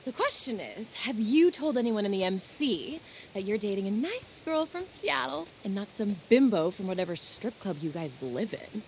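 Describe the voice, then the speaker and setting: A woman's voice: medium pitch, very animated, normal speed, darkish tone, slight background noise. An actress playing a young woman scientist in a video game, wry and teasing, with a dry, easily amused manner. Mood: playful. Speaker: game character. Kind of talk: video game dialogue acting.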